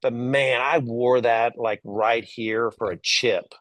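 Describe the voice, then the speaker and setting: A middle-aged man from Texas telling stories as a guest in an interview, lively, acting out the voices of people he quotes. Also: mid-range voice, takes it slowly, no echo. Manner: animated storyteller, acts out quoted voices. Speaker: guest, entrepreneur and author. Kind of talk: storytelling interview.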